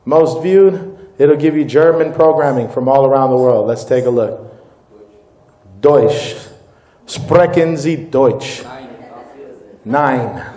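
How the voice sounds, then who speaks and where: A man, a company CEO, giving a live product demo and sales pitch to a room of distributors, upbeat and informal, often calling them "guys.". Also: steady tone, unhurried, pauses often, mellow, reverberant. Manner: upbeat, informal, keeps addressing the crowd as "guys". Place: meeting room with live audience.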